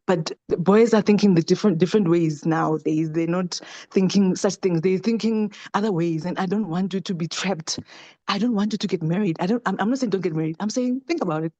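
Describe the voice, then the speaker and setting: A woman's voice: on the low side, fairly even intonation, fairly quick, darkish tone. A middle-aged woman talking passionately at a book club, with many restarts and rhetorical questions. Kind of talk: casual discussion.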